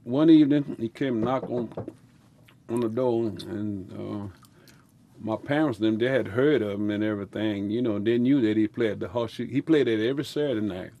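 Older Louisiana man with a mellow voice. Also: on the low side, normal speed, muffled recording, slight background noise. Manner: rambling, laughs often, folksy speech. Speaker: musician. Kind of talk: storytelling interview.

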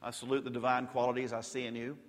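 A male pastor preaching a sermon, rising to loud emphatic peaks and dropping to soft, intimate lows. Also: flat delivery, fast. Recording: long hall reverb.

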